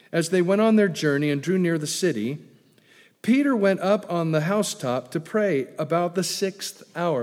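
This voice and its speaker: A man preaching a sermon as pastor, swinging from booming emphasis to low asides. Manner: preaching with wide swings in loudness, booming then dropping low. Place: church sanctuary. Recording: long reverb of a large hall.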